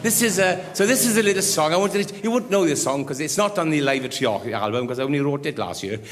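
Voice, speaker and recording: A Welsh comedian and singer telling rambling, chatty anecdotes to a live crowd. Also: male voice, fairly high pitch, expressive, fast, few pauses, a little hiss or hum. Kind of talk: live stand-up storytelling. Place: live show in a large hall. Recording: live hall recording with music.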